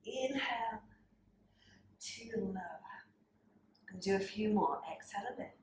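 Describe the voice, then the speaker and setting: A woman's voice: a little high, a little slow, pauses often, roomy sound, a little hiss or hum, rough recording. A woman teaching a pilates class, cueing breaths and counting reps while slightly out of breath. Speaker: pilates instructor. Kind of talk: guided workout instruction.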